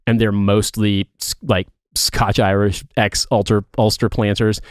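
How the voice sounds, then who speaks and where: A man's voice: on the low side, little pitch movement, measured pace, no echo, clean studio sound. A man in his thirties, a podcast co-host from Indiana, chatting casually in a rambling, profane way with many restarts. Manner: rambling, profane, self-correcting. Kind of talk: casual chat.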